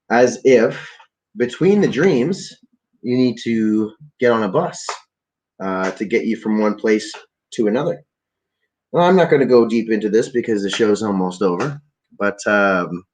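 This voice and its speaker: Podcast host, man from Canada, husky voice with a lively, swinging pitch, meandering casual delivery full of restarts. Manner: meandering storyteller, trails off into fillers and restarts. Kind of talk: casual rambling monologue.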